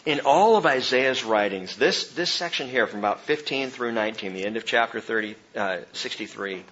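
Impassioned preacher man, lively pitch. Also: lo-fi sound. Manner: impassioned, swings between loud outbursts and hushed tones. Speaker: pastor. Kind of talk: sermon.

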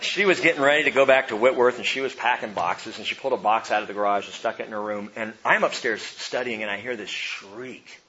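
A middle-aged man preaching a sermon, telling stories with swings from hushed to loud. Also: fairly low pitch, fast talker, few pauses, lo-fi sound. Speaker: pastor.

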